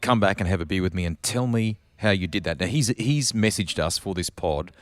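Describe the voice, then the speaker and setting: A man's voice: low voice, animated, fairly quick, dry recording. A man hosting a podcast, prompting his guest's stories with eager interjections and a friendly "mate". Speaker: podcast host. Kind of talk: casual interview.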